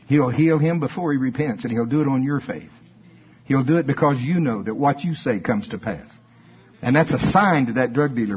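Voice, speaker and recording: A man's voice: a little high, slightly rough, highs cut off. A man preaching a sermon in a church, moving between emphatic questions and folksy asides. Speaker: pastor.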